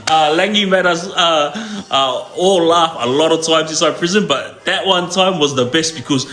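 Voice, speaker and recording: A man's voice: on the high side, normal speed, bright, forceful tone. A young man, telling stories on a live stream in loose slang, often laughing. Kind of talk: casual storytelling. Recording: echoey room with faint music.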